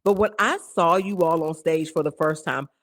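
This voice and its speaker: A woman's voice: deep voice, normal speed. Effusive, rambling woman podcast host. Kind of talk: casual interview chat.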